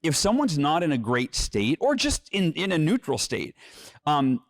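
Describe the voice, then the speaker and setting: Energetic man explaining, dry close mic. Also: a little high, moderate pace, no room sound. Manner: energetic, acts out inner voices and quotes; repeats words when restarting. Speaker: author and guest. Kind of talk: conversational interview, teaching.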